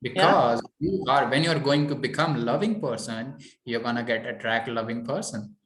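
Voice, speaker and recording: A man's voice: mid-range voice, moderate pace, fairly bright tone, reverberant. A man coaching a client on mindset, talking in a repetitive, encouraging way with many "okay"s. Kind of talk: coaching session.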